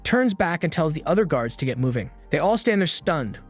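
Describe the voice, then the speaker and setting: A man's voice: fairly high pitch, sing-song, a little fast, faint music behind. A man narrating a comic recap in a casual, wisecracking storytelling manner.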